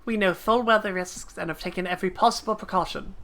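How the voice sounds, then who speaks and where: A woman's voice: mid-range voice, fast talker, fairly bright tone, faint music behind, natural voice. A woman reading the lines of a courtly adventurer who speaks in an earnest, formal, old-fashioned way.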